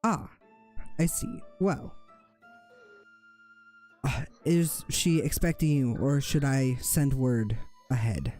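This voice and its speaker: Gm playing a big stone-faced half-orc guard, curt, clipped questions, mellow low tone. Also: takes it slowly, pauses often, soft background music, lightly acted.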